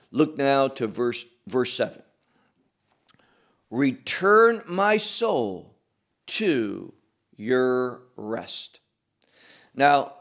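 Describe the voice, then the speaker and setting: A man preaching an expository sermon, teaching verse by verse in a slow, emphatic delivery that rises and falls. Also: mid-range voice, gravelly. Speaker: pastor.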